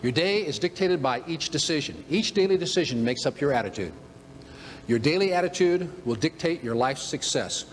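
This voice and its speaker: An older man giving a motivational talk, telling a humorous story in an animated way to a room of listeners. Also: medium pitch, a little hiss or hum. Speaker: motivational speaker. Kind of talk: storytelling keynote speech. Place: event room with audience. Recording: long hall reverb.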